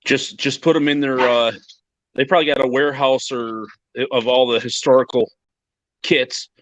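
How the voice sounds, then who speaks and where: A man's voice: medium pitch, steady tone, moderate pace, fairly bright tone, low-quality recording. A man joining a casual live-stream chat with offhand remarks from away from the microphone.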